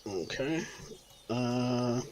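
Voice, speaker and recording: Hesitant player thinking out loud. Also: male voice, medium pitch, lively intonation, extremely slow, slight background noise. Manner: hesitant, thinking aloud with many fillers. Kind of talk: playing a tabletop game over a voice call. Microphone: online voice call mic.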